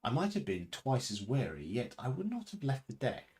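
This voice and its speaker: A man's voice: wildly swooping pitch, moderate pace. A man reading a novel aloud for a charity stream, with occasional stumbles and restarts, lifting his voice for quoted dialogue. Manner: unpolished reading with restarts and self-corrections; varies pitch and loudness for dialogue. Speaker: reader.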